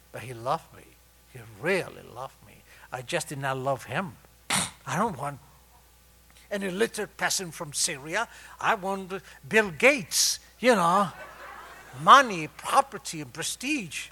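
Wry, bright-voiced older man telling his story. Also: a little high, expressive, unhurried, slightly rough. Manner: wry, self-mocking humor turning tender and soft. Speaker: speaker sharing his story at a recovery meeting. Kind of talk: personal storytelling testimony.

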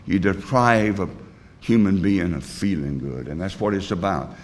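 An older man with a fairly low voice, sharing his recovery story with a group. He talks bluntly and plainly and rambles, with lots of "uh" and "you know" and sentences he restarts. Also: animated, normal speed, a little mellow. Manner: plain, blunt working-class talk. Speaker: recovery meeting speaker.

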